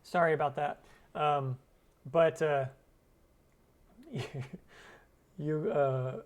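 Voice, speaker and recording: A man's voice: a little high, fairly even intonation, extremely slow. A man hosting a cooking channel's live stream Q&A, chatting loosely with viewers and using many fillers. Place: lives in Arizona.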